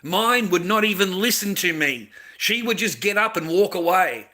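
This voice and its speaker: A middle-aged man with an Australian accent rants at his audience, rambling and lecturing with heavy profanity. His voice is tense and cutting, and it sits a little high for a man. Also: expressive, moderate pace, sharp tone. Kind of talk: casual rant to viewers.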